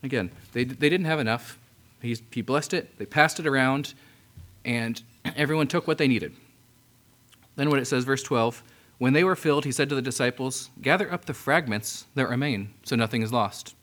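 A man's voice: medium pitch, normal speed, fairly bright tone. Man preaching a conversational Bible sermon. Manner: conversational, with restarts and frequent throat-clearing. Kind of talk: sermon, reading and explaining scripture.

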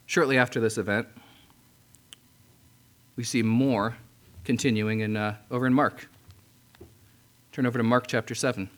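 A man preaching a sermon in a mid-pitched voice, working through scripture verse by verse. He talks conversationally, restarting phrases and clearing his throat now and then. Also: steady tone, normal speed, pauses often. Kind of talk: sermon, reading and explaining scripture.

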